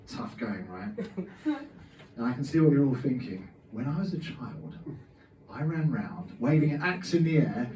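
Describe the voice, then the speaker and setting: Animated young man doing stand-up. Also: fairly high pitch, a little hiss or hum. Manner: animated storytelling, plays out his dad's lines. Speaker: stand-up comedian. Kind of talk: stand-up comedy set. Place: comedy club stage, packed audience. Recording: roomy club sound from a distant camera. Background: faint audience laughter.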